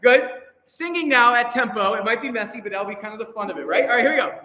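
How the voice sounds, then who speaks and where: A man runs a choir rehearsal, counting in the singers and coaching their diction in an upbeat, encouraging way. His voice sits high and bright. The sound bounces around a reverberant hall, with faint piano behind him. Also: lively intonation, fast. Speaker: choir director. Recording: echoey hall with long reverb.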